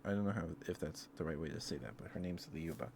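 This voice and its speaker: Man, soft-spoken ASMR ramble, deep voice, hesitant, tender, faint background hiss. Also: expressive, fast, vocal fry. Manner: rambling, hesitant, many fillers; tender, easily moved. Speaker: ASMR streamer.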